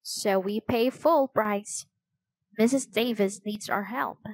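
A woman's voice: mid-range voice, takes it slowly, darkish tone, no room sound. A woman reading the part of an eager, helpful young boy in a storybook, in a friendly, slightly raised voice. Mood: earnest.

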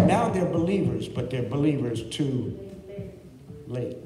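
A male pastor preaching a sermon with big swings in pitch and loudness. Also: lively intonation, unhurried, long pauses, over music. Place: church sanctuary. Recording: distant echoey church hall.

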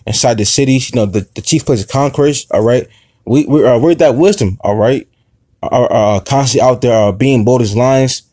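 Halting, confrontational male street preacher. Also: medium pitch, dark tone, dry recording, studio quality. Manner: halting, many fillers and restarts; confrontational, profane. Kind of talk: informal sermon.

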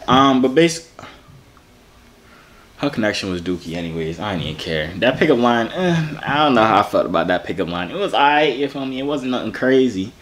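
A young man from Arizona chats through a casual vlog. His voice sits at a middle pitch. He jokes around and drops slang as he talks. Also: expressive, a little fast, fairly bright tone. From Arizona, USA. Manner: playful, joking, slangy. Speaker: YouTuber.

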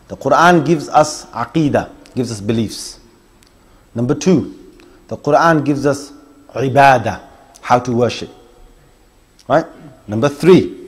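A middle-aged man giving an emphatic Islamic lecture, listing points and challenging his listeners directly. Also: medium pitch. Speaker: Islamic preacher. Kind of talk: religious lecture.

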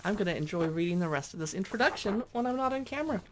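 A woman's voice: medium pitch, expressive, very fast, slight background noise. A woman chatting casually as she pages through a cookbook, reading dish names aloud with little asides. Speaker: cookbook reviewer.

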